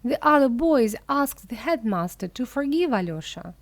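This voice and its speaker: A woman reading a children's story aloud for English learners, clear, careful and expressive. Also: fairly high pitch, normal speed, dry recording.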